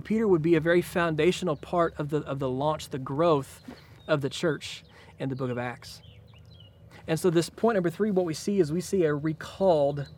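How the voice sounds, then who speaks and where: A man preaching a sermon to a church congregation, retelling scripture in a relaxed, conversational way. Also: fairly high pitch. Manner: conversational, paraphrases scripture in casual speech. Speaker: pastor.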